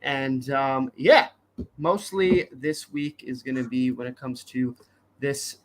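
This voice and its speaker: A man's voice: mid-range voice, steady tone, slow pace, slight background noise. A man co-hosting a political podcast in casual chat, hesitant and full of fillers. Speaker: podcast co-host.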